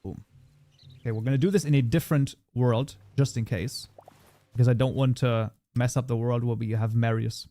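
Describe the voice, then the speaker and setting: A German-born modding streamer with a German accent hosts a casual livestream tutorial, chatting as he works and reading viewer messages aloud to answer them. His mid-range voice is fairly even, normal in speed and dark in tone, with no echo.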